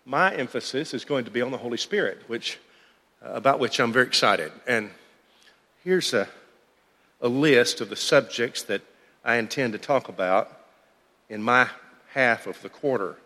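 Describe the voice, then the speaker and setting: A man's voice: medium pitch, expressive, normal speed, long pauses, bright, forceful tone, big-room sound. A man teaching a church Bible class in a conversational, thinking-aloud way.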